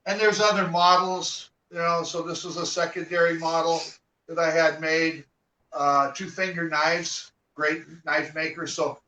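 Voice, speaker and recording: A man appears as a martial arts guest in a casual interview, telling rambling stories and acting out what other people said. His voice is on the high side with little pitch movement, a measured pace, and a sharp tone, recorded from far off in an echoey room with faint noise.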